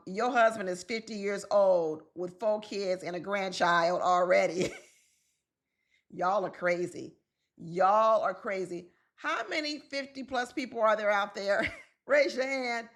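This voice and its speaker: A woman's voice: mid-range voice, fairly bright tone. A woman commenting on celebrity news in a casual vlog, talking straight to her viewers and laughing often. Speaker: relationship coach and commentator.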